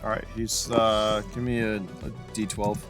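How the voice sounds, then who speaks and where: A man's voice: on the low side, steady tone, unhurried, over music. A man running a tabletop game as game master, casual and profane, laughing often.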